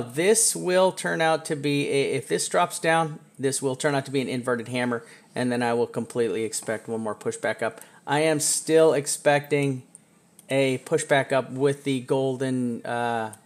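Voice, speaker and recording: A man hosting a trading live stream, talking casually over charts, chatty and self-mocking, with bursts of excitement. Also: mid-range voice.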